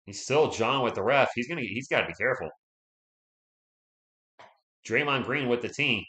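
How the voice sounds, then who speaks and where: A man hosting a live stream, giving casual play-by-play commentary, chatty and excitable, and talking straight to his viewers. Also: mid-range voice, moderate pace. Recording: echoey room.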